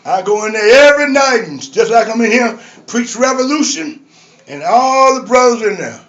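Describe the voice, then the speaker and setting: Speaking fast in a high, slightly bright voice, an older man preaches a fiery rally speech on a community arts center stage, trading call-and-response with the audience. He's an activist speaker, captured in a dull lo-fi live recording with the crowd audible.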